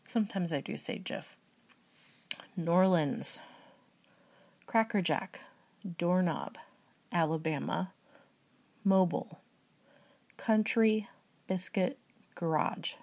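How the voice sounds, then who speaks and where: A young woman with a Midwestern US accent, talking in a hushed, often half-whispered way with many hesitations, reading aloud and working through a word list. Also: on the low side, slow pace, creaky, pauses often. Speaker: video host. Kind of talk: soft-spoken accent tag and book reading.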